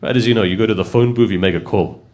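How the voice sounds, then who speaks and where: Low-voiced man telling a sermon story. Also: very fast, a little mellow. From United Kingdom. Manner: conversational, asks the audience questions. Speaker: preacher.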